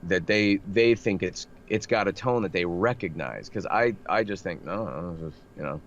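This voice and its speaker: A man with a low, slightly nasal voice talks shop in a relaxed interview. He keeps restarting his sentences and getting animated. The remote audio sounds dull with faint hiss behind it. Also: normal speed. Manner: animated, self-deprecating, lots of restarts. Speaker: voice actor guest. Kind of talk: casual interview chat.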